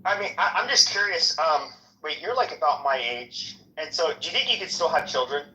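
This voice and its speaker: A man's voice: fairly high pitch, lively intonation, brisk, pushed and bright. A man from Arizona telling crude, provocative stories in casual comedic banter. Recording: muffled, echoey room.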